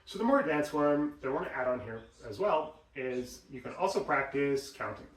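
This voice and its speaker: A man teaching voice exercises, explaining and acting out examples in an animated way. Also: mid-range voice, normal speed. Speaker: voice coach. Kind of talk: instructional talk with demonstrations. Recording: roomy sound, mic at a distance.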